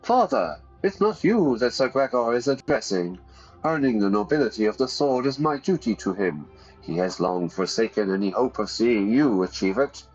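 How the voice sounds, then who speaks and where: A man's voice: mid-range voice, animated, lo-fi sound, soft background music, close to an everyday voice. A man voicing an ambitious young noble heir who speaks firmly and with self-assurance. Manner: firm, brisk, self-assured.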